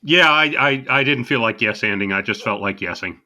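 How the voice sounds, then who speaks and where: A man from New Jersey co-hosting a casual comedy podcast, joking with playful deadpan asides. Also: on the low side, brisk. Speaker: podcast co-host.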